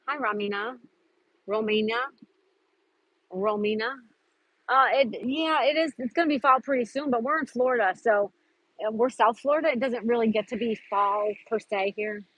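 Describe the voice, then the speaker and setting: A woman's voice: on the high side, a little fast, fairly bright tone, husky, dry recording, rough recording. A woman hosting a casual live stream outdoors at a park, chatting and greeting viewers by name as she reads their comments. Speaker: livestream host.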